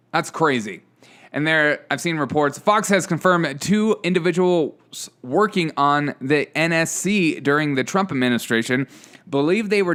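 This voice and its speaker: A man's voice: fairly high pitch, a bit bright. A man hosting a political commentary show, reading headlines and making sarcastic asides, often laughing between stories. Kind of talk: casual news commentary.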